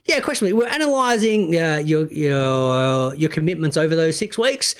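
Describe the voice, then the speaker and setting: A man with a high, lively voice, chatting loosely as a podcast co-host. He talks with plenty of swearing and bursts into quick impressions mid-story. His pitch jumps around a lot. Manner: animated, swears freely, does quick voices in stories. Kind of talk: casual podcast banter.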